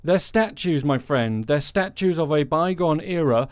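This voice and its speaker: A man's voice: a little high, lively intonation, measured pace, no room sound. Sarcastic, sweary man hosting a podcast. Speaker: podcast host. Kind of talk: sweary comic monologue.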